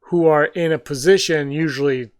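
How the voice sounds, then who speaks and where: A man with a slightly higher-than-average voice co-hosts a podcast in easygoing chat. He rambles through stories and asides, and the recording is dry and close. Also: moderate pace, clean tone, no echo. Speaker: podcast co-host. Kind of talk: casual chat.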